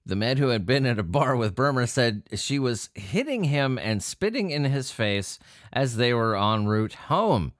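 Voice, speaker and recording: A man's voice: medium pitch, sing-song, measured pace, dry recording, clean studio sound. A man reading odd news stories aloud and joking about them in a casual, profane way, often laughing as he reads. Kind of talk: casual solo commentary on news.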